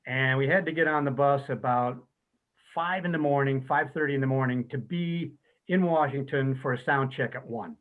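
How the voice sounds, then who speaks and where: A man's voice: medium pitch, normal speed. Man telling stories over a tinny call. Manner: laughing, lively storyteller. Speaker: storyteller at an online memorial. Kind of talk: casual anecdote telling. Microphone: video call. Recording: tinny phone-like call audio.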